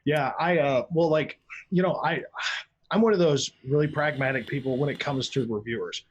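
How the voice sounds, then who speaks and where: Husky, foul-mouthed man ranting casually. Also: normal speed, lo-fi sound. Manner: blunt, foul-mouthed, rambling storyteller; acts out quoted voices with big pitch jumps. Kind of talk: casual podcast chat.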